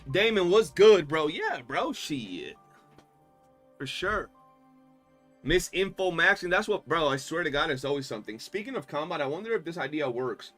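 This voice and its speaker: A young man livestreaming a game, talking in a loose, animated, slangy way and swearing often. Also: on the high side, moderate pace, soft background music. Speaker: streamer. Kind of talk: casual gaming livestream chat.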